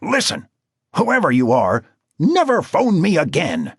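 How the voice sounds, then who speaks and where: Voiced by a man, a hot-tempered cop snarls threats with a husky edge, his voice jumping high as the anger spills out. The read is dry and close, in an audiobook style. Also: wildly swooping pitch, a little slow, no room sound, exaggerated voice. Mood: furious. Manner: threatening, shouting. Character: furious middle-aged cop, hot-tempered. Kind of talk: audiobook character voice.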